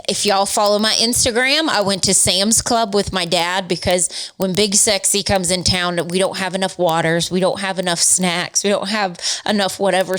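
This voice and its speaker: A woman, co-hosting a casual podcast and telling family stories in a chatty, animated way. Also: medium pitch. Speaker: podcast co-host. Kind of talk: casual chat.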